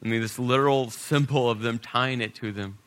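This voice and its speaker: A middle-aged man preaching a sermon as a pastor, telling stories and building to emphatic points before dropping his voice low. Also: steady tone, a little fast. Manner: storytelling preacher, rising to emphasis then dropping soft.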